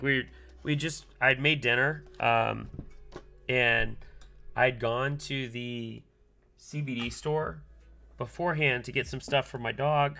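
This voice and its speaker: Rambling gravelly man telling a story. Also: mid-range voice, a bit bright. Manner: rambling, filler-heavy, mutters asides to himself while soldering. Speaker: streamer building a keyboard. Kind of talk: casual storytelling while working.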